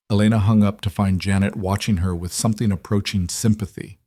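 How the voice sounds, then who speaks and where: A man narrating a dramatic story in an even, plain reading style. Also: fairly low pitch, brisk, few pauses, no room sound, studio quality.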